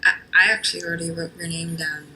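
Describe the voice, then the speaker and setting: A woman voicing a pushy, excitable teenage girl, talking in breathy eager whispers and bright outbursts. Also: on the low side, quick pace, slight background noise.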